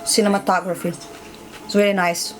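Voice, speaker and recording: Watching a movie at home, a woman mutters casual asides to herself as reaction commentary. She speaks briskly in a mid-range voice with a level tone, and the home recording is noisy with background hiss.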